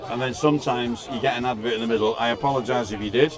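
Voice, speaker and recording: A man's voice: mid-range voice, steady tone, fast, music in the background. A man from Britain hosting a casual livestream outdoors, reading out and greeting viewers by name with wry asides. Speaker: livestream host. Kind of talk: casual live chat, reading out viewer comments. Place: outdoors on a street. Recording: busy outdoor crowd noise.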